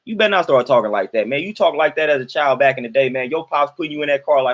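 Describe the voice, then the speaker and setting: A man's voice: mid-range voice, racing, fairly bright tone, lo-fi sound. A young adult man, casually talking to his livestream chat, colloquial and repeating himself for emphasis. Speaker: livestream host reading chat.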